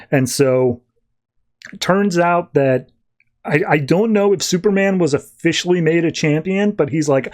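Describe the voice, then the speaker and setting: A man's voice: mid-range voice, a little mellow. Casual young-sounding man recapping comics. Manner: loose, chatty retelling with quick voiced asides. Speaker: podcast host reviewing comics.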